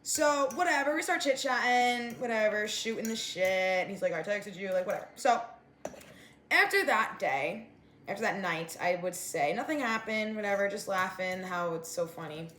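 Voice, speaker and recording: A woman's voice: medium pitch, normal speed, fairly bright tone, reverberant, a little hiss or hum. A woman in her twenties telling a storytime rant, with lots of "like" and "whatever", while she eats. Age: 20s. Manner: chatty, fillers of like and whatever; eating while talking. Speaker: vlogger.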